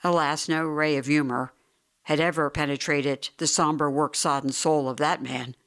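An audiobook narrator reading a first-person story in a measured, wry storytelling manner. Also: mid-range voice, steady tone, fairly bright tone, clear, resonant tone. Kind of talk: scripted narration.

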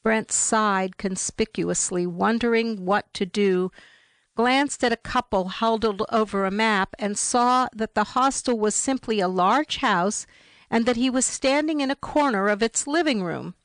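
A woman reading a novel aloud in a measured, even storytelling voice, taking her time over each phrase. Her pitch sits in the middle of the range, and the recording is close and dry, with no room sound. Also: no room sound. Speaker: audiobook narrator. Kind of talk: scripted narration of a novel.

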